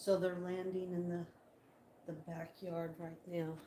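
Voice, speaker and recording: A woman's voice: fairly low pitch, little pitch movement, a little slow, dark tone, a little hiss or hum. A woman chatting playfully to her viewers on a casual livestream, thanking them and talking about the birds outside. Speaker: livestream host.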